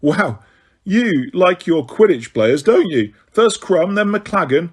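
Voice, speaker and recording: A man with a husky voice voicing a chatty, gossipy teenage wizard girl in an audiobook reading. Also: high-pitched, lively intonation, slow pace, exaggerated voice.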